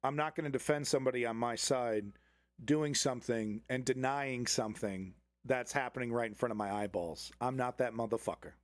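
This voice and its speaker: A man's voice: medium pitch, brisk, no echo. A man hosting a live commentary stream, talking bluntly and profanely with frequent restarts. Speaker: live news commentary host.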